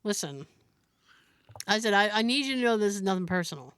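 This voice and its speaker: A woman's voice: mid-range voice, very fast, clear, resonant tone, no echo, studio quality. A woman co-hosting a podcast, telling a story in casual chat and acting out the people in it. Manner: animated, acts out the people in her story. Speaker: podcast co-host.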